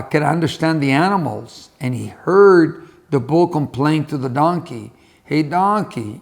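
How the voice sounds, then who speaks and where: Speaking to camera, a motivational speaker delivers a folksy, conversational storytelling monologue, circling back to repeat his lesson. His gravelly voice carries a fair amount of creak and sits a little higher than most men's.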